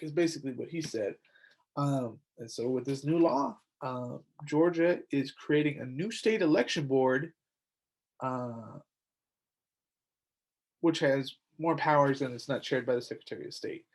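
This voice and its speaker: A man's voice: fairly high pitch, normal speed, gravelly, darkish tone. A young man hosting a podcast alone, rambling and indignant, with lots of fillers and restarts, saying he is tired. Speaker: podcast host. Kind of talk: casual solo commentary.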